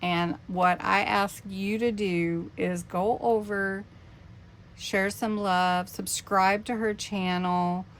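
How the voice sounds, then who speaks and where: A woman in her fifties hosting a casual craft unboxing vlog, emotional and gushing, with halting pauses. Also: mid-range voice, fairly even intonation, a little hiss or hum. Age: 50s. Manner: emotional, gushing, breathy exclamations. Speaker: craft channel host.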